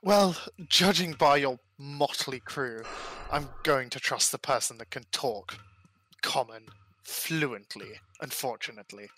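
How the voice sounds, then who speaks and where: A man's voice: mid-range voice, unhurried, sharp tone, poor audio. A man voicing an old female wood elf who leads a merchant caravan, blunt and commanding. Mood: stern.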